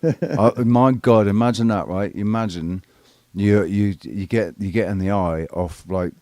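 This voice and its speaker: A man's voice: on the low side, a little slow, darkish tone, no echo. A man hosting a casual live panel chat, rambling, crude and joking. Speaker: live show host.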